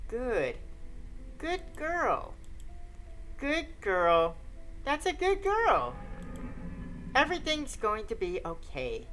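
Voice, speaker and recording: A woman voicing a sweetly menacing little ghost girl who speaks in a soft, soothing, coaxing way. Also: a little high, wildly swooping pitch, takes it slowly, long pauses, a little hiss or hum, exaggerated voice. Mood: eerily soothing.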